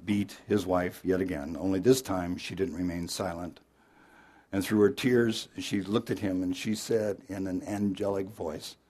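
A male pastor preaching an Easter sermon, telling a story dramatically and moving between loud emphasis and hushed, earnest appeals. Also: sits low.

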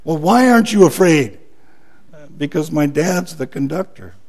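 A man preaching a sermon as pastor, building emphasis on repeated phrases and dropping softer in prayer. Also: fairly high pitch, lively intonation, moderate pace.

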